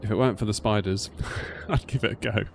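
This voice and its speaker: A man's voice: lowish voice, fairly even intonation, brisk, slight background noise. A British man in his thirties chatting casually to a live-stream audience, rambling with lots of filler like "sort of". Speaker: flight sim streamer.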